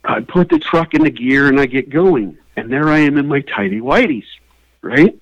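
A man telling a comic story as a guest, animated and building to high excited peaks. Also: normal speed, no room sound, lo-fi sound. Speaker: comedian guest.

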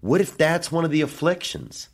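A man's voice: a little high, steady tone, normal speed. A man hosting a solo podcast from a hotel room, rambling and meandering through his thoughts with frequent fillers and casual profanity. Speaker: podcast host.

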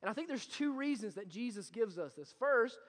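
A young man preaching a sermon as pastor, moving between quiet, personal storytelling and loud, impassioned exhortation. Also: very high-pitched, expressive, moderate pace, in a large hall. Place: church sanctuary.

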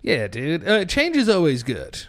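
A man's voice: on the high side, wildly swooping pitch, a little slow. Laid-back young man, casual podcast chat. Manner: laid-back, swears often, says "dude". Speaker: podcast co-host.

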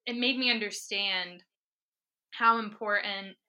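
Bright, animated young woman guest. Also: medium pitch, a little slow. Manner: animated, laughing storyteller. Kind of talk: casual interview chat.

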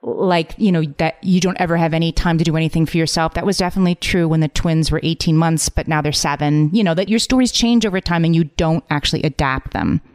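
A woman in her forties co-hosting a podcast, chatting in a lively, animated way. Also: sits low, fast talker, hardly any pauses. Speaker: podcast co-host. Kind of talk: casual podcast chat.

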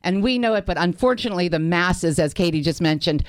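A woman's voice: fairly low pitch, animated, quick pace, clear, resonant tone, dry recording. Brief: American woman, emphatic radio guest, dry studio sound. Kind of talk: casual talk radio banter.

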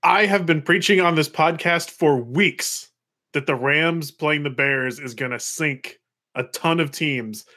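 A man's voice: on the high side, unhurried, pushed and bright. A man co-hosting a sports podcast in casual chat, boastful and playful. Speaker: podcast co-host.

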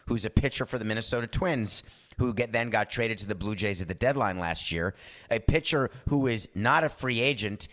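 Male sports talk host, lower voice, theatrical monologue with put-on character voices. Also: fairly bright tone. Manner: theatrical, acts out phone calls in character voices.

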